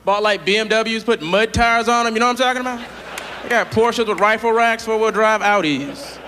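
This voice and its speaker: A man from the southern United States doing a playful, animated stand-up comedy set on a large theater stage. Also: high-pitched, a little fast, slight background noise. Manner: animated, playful, jumps into character voices. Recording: live theater hall with audience.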